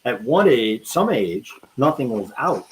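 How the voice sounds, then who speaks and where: A man's voice: medium pitch, big pitch swings, unhurried. A man in casual chat, teasing and asking questions. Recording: far from the mic, faint noise.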